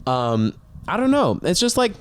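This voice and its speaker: A man's voice: high voice, wildly swooping pitch, moderate pace, smooth, no echo. A young man co-hosting a casual comedy chat, hesitant and full of fillers and repeated words. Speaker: co-host.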